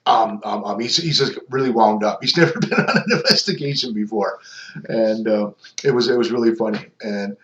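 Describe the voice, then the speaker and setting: A man's voice: fairly low pitch, a little fast, fairly bright tone. Man, casual rambling narration, lots of ums, dull lo-fi audio, roomy echo. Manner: rambling, many ums and restarts. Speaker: paranormal investigator. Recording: echoey, dull lo-fi sound.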